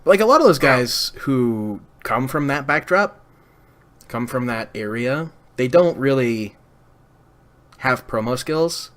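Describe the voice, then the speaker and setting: A man co-hosting a casual podcast with a lively voice that climbs and dips freely. He jokes around, laughs a lot and rides each bit hard. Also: medium pitch, takes it slowly. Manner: joking, animated, laughs often. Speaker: podcast co-host. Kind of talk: casual chat.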